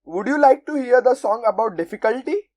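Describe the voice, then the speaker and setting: A woman's voice: fairly high pitch, expressive, fairly quick, a little mellow, no room sound. Woman voicing an earnest little schoolboy. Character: small schoolboy, nervous but eager.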